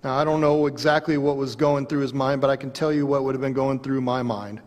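A man's voice: medium pitch, steady tone, fairly quick, a little mellow, in a large hall. A man pastor giving an earnest, conversational sermon.

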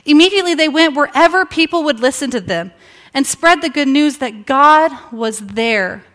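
A woman pastor preaching a sermon, telling a Bible story with emphatic pauses and rhetorical questions. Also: high-pitched, expressive, a bit bright.

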